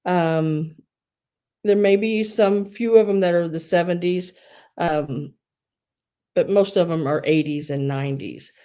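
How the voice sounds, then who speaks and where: A low, mellow-voiced woman chats her way through a live online sale. She rambles, restarts her sentences and fills gaps with ums, and her breath is a little wheezy. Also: unhurried, pauses often. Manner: rambling, many fillers and restarts. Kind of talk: casual live sales chat.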